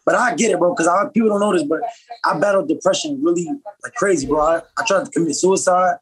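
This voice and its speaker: A man from upstate New York, a professional boxer, telling stories as a podcast guest in a casual, slangy, animated way. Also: high-pitched, low-quality recording. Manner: fast, slangy, animated storytelling. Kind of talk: casual storytelling.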